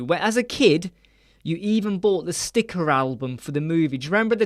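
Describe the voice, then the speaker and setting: Animated man hosting a live chat. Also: sits high. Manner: animated, acts out quoted voices. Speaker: live stream host. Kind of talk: casual live stream chat. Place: small dark room with soundproof panels.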